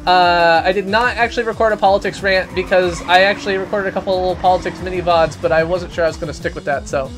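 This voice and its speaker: A man hosting a live game stream, chatting casually and ranting loudly in rambling asides. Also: sits high, a little fast, music in the background.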